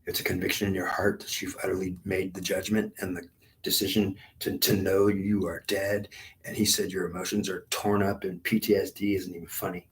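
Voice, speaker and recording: In a rambling, intense, unscripted spiritual monologue, a man in his fifties recounts his talks with God, often dropping to a whisper. His voice is deep with little pitch movement and a slightly fast pace. The audio quality is poor.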